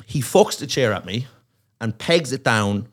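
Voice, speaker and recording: A man's voice: mid-range voice, animated, unhurried. A man telling a long, profane story on a comedy podcast, acting out the voices of the people in it. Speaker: comedian guest.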